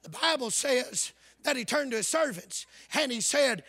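A man preaching a fervent revival sermon, shouting out hallelujahs and telling folksy stories. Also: extremely high pitch, lively intonation, moderate pace, no room sound. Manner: folksy storytelling.

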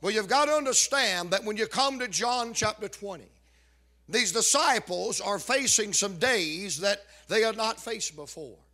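A man preaches a revival sermon in a high, ringing voice. He takes his time, stretching and repeating key words with emphasis. He drops in joking asides between the lines. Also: lively intonation, a little slow, bright, forceful tone.

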